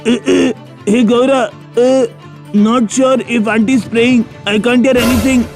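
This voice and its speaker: Casting: a very high, nervous stammering kid, music behind. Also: male voice, steady tone, measured pace. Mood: fretful. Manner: hesitant, stammering. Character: timid worried young boy Sukuta. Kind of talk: cartoon dubbing.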